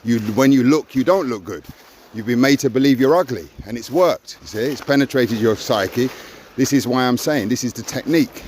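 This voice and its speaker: A man's voice: medium pitch, fairly quick, darkish tone, a little hiss or hum. An older man talking earnestly in a raw personal conversation, stressing points with "you see". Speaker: podcast co-host.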